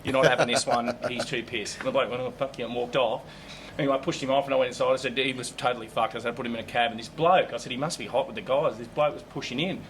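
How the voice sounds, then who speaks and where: A man telling crude, animated stories in casual chat, swearing often. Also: medium pitch, fast talker, slight background noise. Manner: animated, swearing often, bursts of loud laughter. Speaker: comedian guest. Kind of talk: casual storytelling.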